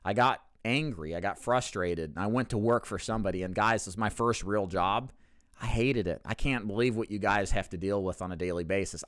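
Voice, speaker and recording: This insurance agency owner, hosting a casual Q&A monologue to camera, has a lowish voice with a fairly bright tone. He's candid and self-mocking, restarting his sentences often, and the clean studio sound carries no echo.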